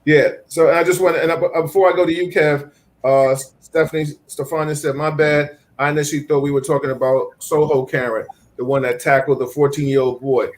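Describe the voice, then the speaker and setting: A man's voice: fairly high pitch, steady tone, a little fast. A man hosting a casual talk show, reading out viewer comments and retelling stories with energy. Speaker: host. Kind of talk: casual chat.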